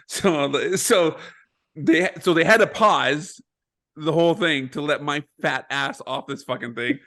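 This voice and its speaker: Animated man telling a story, higher voice. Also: a little slow. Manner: animated, swearing, laughing through a self-mocking story. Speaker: podcast co-host. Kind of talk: casual storytelling.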